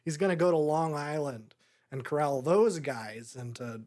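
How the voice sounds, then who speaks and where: A man's voice: a little high, normal speed, darkish tone. Rambling sarcastic young man. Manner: rambling, sarcastic, lots of fillers. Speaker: podcast co-host. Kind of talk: casual movie review chat.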